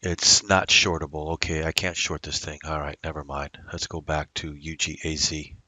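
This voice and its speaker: This male day trader's bass voice stays level at a normal speed, sounding pushed and bright in a dry recording. He rambles live over a screen capture of his trades, talking to himself and slipping into musings.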